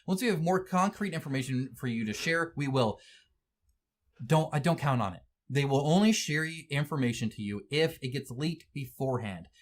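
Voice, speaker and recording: An indignant man delivering heated commentary as host of a wargaming news show. His voice swings widely in pitch and sits a little high for a man. He scolds and rants at the people he is talking about.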